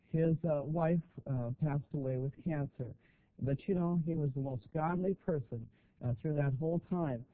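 A middle-aged man preaching a sermon, halting, with many fillers and rising emphasis. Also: on the high side. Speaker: guest preacher. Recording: tinny phone-like sound.

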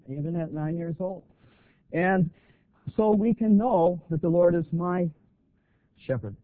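An older man preaching an earnest, plain-spoken sermon to a congregation, with halting restarts. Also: fairly high pitch. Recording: tinny phone-like audio.

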